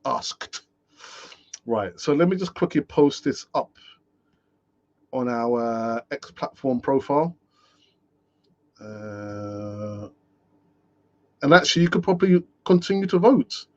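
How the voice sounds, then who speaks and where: A man hosting a solo live fan-channel stream, ranting and talking to himself in an animated way. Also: mid-range voice, slow pace, pauses often. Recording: dull lo-fi sound.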